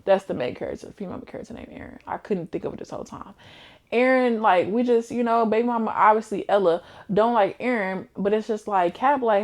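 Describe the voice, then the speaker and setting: Young woman, casual book-chat vlogger, lively slangy storyteller. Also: mid-range voice, fairly quick. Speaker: book reviewer.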